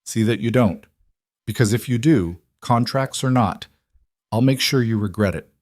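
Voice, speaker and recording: A man's voice: medium pitch, moderate pace, a little mellow, no echo, studio quality, natural voice. A man voicing a guarded, protective young mother in a narrated story, speaking firmly and with a warning edge. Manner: firm, warning.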